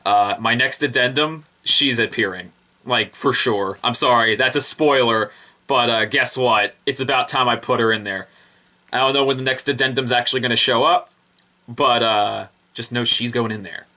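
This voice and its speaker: A young man talks through a review with no script, excitable and rambling, trailing into fillers and correcting himself mid-sentence. His voice is bright and forceful, sitting at an ordinary pitch for a man. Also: moderate pace. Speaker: product reviewer. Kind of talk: casual unscripted review.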